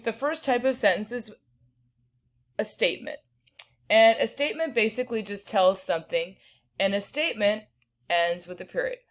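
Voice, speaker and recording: A woman teacher giving a patient grammar lesson, checking in with her students often. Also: medium pitch. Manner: patient, checks in with "right?" and "okay".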